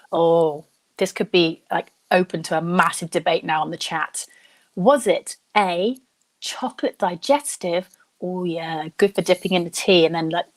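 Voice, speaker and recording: A young woman hosting a live online quiz, chatting and thinking out loud, reading each question slowly and then repeating it. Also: medium pitch. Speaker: quiz host.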